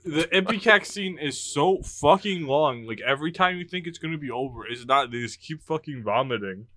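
A man's voice: a little high, lively intonation, normal speed, a bit bright, no room sound. A young man from New England co-hosting a podcast, chatting casually, laughing often and swearing a lot. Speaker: podcast co-host. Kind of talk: casual chat.

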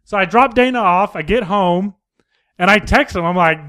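Brief: male podcast co-host, high bright voice, rambling casual storyteller. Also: normal speed. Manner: rambling, full of fillers and restarts.

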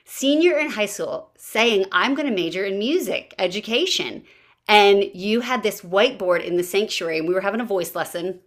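Woman podcast host, animated storyteller, mid-pitched voice, quick asides. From Baltimore area, US. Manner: lively storyteller, acts out quotes. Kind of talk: casual podcast conversation.

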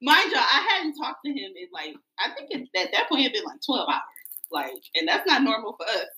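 A woman with a high, bright voice and a lot of swing in her pitch jumps in with quick, expressive remarks. She is recorded in an echoey room with faint background noise. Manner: expressive, laughing, quick interjections. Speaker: girlfriend in the story, co-host of the chat. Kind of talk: casual chat.

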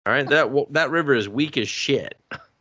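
A man's voice: mid-range voice, brisk, sharp tone, breathy edge, muffled recording. A man co-hosting a podcast in casual chat, ranting in an exasperated, profane way. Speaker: podcast co-host.

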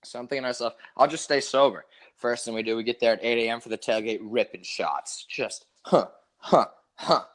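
Telling a lengthy story on the podcast he co-hosts, a young man talks at a medium pitch and a slightly quick pace. The chat is casual and rambling, with swearing, a relaxed attitude, and quotes he performs aloud.

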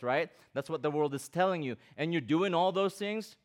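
A man's voice: a little high, moderate pace, hardly any pauses. A middle-aged pastor preaching to students at a youth camp, reading scripture aloud and breaking in with his own comments and questions. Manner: asks the listeners direct questions.

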